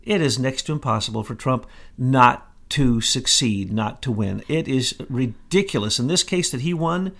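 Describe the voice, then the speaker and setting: A gravelly-voiced man co-hosts a political talk show, making sweeping claims with total confidence. His pitch sits mid-range, with plenty of vocal fry. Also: lively intonation, moderate pace, hardly any pauses, fairly bright tone. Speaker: co-host.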